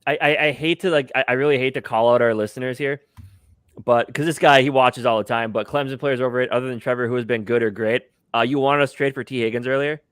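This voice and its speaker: A man on a casual sports podcast, teasing listeners in a quick, joking manner. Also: medium pitch, steady tone, fairly bright tone, smooth, dry recording, studio quality.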